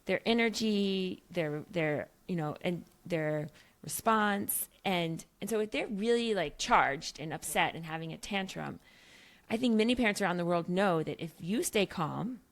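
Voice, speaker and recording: A woman's voice: fairly low pitch, animated, a little slow. A middle-aged woman, a guest author on a podcast, talking through her ideas animatedly, with frequent restarts and tag questions. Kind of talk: podcast conversation.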